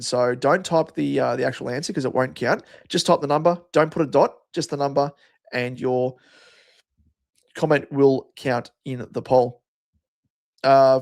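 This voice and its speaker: A man with an Australian accent hosting a live stream, chatting casually and answering viewers' comments by name. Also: medium pitch. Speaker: livestream host.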